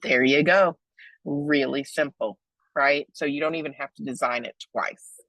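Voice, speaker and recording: A woman in her forties giving a lively webinar talk, joking and chatty, with big excited leaps in her voice. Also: a little slow, no echo, rough recording. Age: 40s. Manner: playful, joking, chatty asides; big excited pitch jumps. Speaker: webinar presenter on donor relations.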